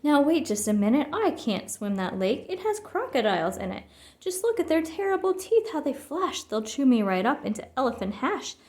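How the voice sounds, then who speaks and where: Woman doing a gentle, fretful elephant. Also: high-pitched, very animated, moderate pace. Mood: pleading. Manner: pleading, fretful. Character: big gentle male elephant, weary and honest. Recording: roomy echo.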